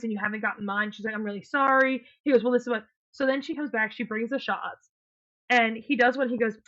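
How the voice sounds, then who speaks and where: Woman, podcast co-host, animated dating story, casual chat, muffled lo-fi recording. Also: fairly high pitch. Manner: animated storyteller, acts out quotes, swears. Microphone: podcast mic, remote call. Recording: muffled lo-fi sound.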